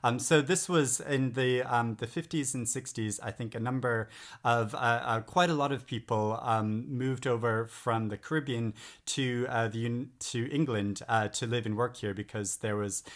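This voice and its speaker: A man's voice: mid-range voice, steady tone, moderate pace. A middle-aged man talking through new books in a casual vlog, enthusiastic and rambling with frequent hesitations. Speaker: book vlogger. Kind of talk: casual book-haul chat. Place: home in England.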